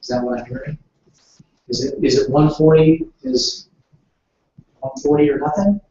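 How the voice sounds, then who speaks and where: A man with a slightly high, dark-toned voice trains real estate agents in negotiation, animated and at a moderate pace. He asks the room questions and then waits for answers during this training session. The distant, dull mic sits in an echoey room, with slight background noise.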